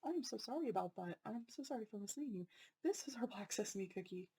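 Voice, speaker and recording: A woman hosting her own unboxing channel, talking casually and excitedly about snacks, often apologizing and laughing. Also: medium pitch, fast talker, slightly rough, low-quality recording.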